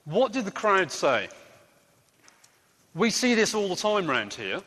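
A man leading a playful quiz for children during a church service, joking gently as he asks questions. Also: sits high, takes it slowly, in a large hall. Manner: lively, playful quizmaster with gentle jokes. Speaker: children's talk leader at church.

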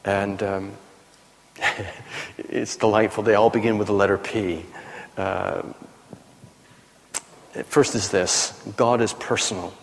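Pastor teaching in a reverberant hall. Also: male voice, on the low side, fairly even intonation, takes it slowly, gravelly, pauses often, slight background noise. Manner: conversational, frequent fillers and self-corrections. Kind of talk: teaching sermon.

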